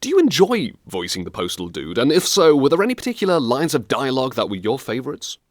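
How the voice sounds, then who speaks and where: A man's voice: medium pitch, wildly swooping pitch, fast, no room sound, studio quality. A man hosting a radio interview, asking friendly, chatty questions. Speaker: radio show host.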